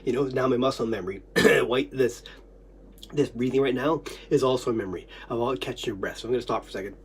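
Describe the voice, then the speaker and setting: A speaker rambling through an unscripted monologue of memories, swearing often, short of breath and snotty, swinging between giddy laughing sobs and low muttering. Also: quick pace, a little hiss or hum. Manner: rambling, repetitive, heavy swearing.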